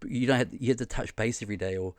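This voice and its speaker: A young man co-hosting a casual podcast races through frank, sweary stories in a mid-range voice, animatedly acting out quotes. The recording is dry.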